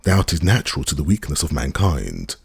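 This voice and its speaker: A tired but kindly little old priest, as a man reads him in an audiobook, hurries through his usual church patter. The voice sits extremely low with a husky, gravelly grain. It lilts up and down a good deal. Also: sing-song, dry recording, studio quality, full character voice. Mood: hurried. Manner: rapid routine church patter.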